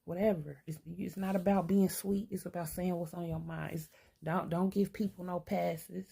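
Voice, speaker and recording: An older woman talking candidly to camera, thinking out loud to herself. She is blunt and streetwise and swears freely. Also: lowish voice, fairly even intonation, moderate pace, creaky, husky. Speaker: vlogger. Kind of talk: candid self-reflective monologue.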